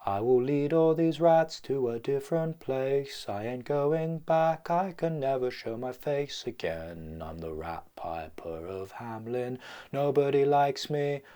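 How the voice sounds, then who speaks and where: A man voicing a gloomy, lonely male rat piper who leads rats away, talking slowly and broodingly. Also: mid-range voice, warm tone, clean tone, voice pushed up, close to an everyday voice.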